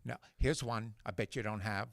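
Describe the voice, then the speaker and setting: A man's voice: fairly low pitch, steady tone, normal speed, creaky, a bit bright, no echo. A middle-aged man hosting a casual chat, ranting sarcastically and mimicking how others talk. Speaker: podcast host.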